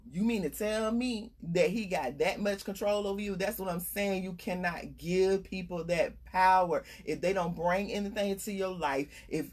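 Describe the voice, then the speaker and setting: A middle-aged woman coach giving casual, emphatic motivational talk about staying unbothered. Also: fairly low pitch. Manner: earnest, conversational, emphatic. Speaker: life coach.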